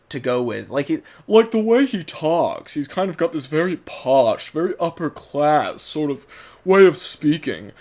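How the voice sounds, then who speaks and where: A young British man giving casual spoken commentary, rambling and analytical as he works through his thoughts. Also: mid-range voice. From Britain.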